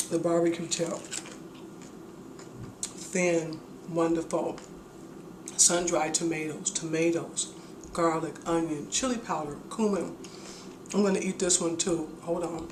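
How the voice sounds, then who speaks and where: A woman's voice: low-pitched, steady tone, measured pace, pauses often, background noise. A woman hosting a casual home cooking video, chatty and enthusiastic as she demonstrates a recipe in her kitchen. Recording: echoey kitchen with dish clatter.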